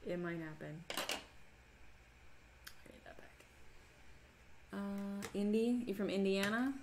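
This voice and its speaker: A woman's voice: medium pitch, slow pace, creaky, heavy background noise. A woman from Minnesota chatting casually on a crafting livestream, reading chat aloud and laughing often. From Minnesota, USA. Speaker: livestream host.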